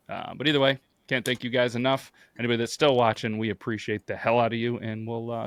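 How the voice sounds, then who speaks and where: A man hosting a podcast, recorded on a dry, close mic. His voice sits at an average pitch, and he rambles through stories in a relaxed way, trailing off into fillers and crude jokes. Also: dry recording. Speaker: podcast host. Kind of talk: casual chat.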